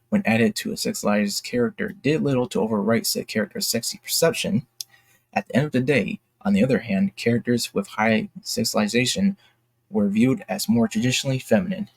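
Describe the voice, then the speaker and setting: Gravelly husky male commentator. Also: mid-range voice, no room sound. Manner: stumbles over words and adds apologetic asides. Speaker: YouTube commentator. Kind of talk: reading a news article aloud with commentary.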